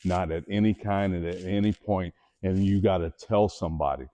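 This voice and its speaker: A man's voice: sits low, moderate pace, mellow. Earnest man telling a story to students. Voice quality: earnest storytelling, acts out quotes. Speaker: motivational speaker. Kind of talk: school assembly talk.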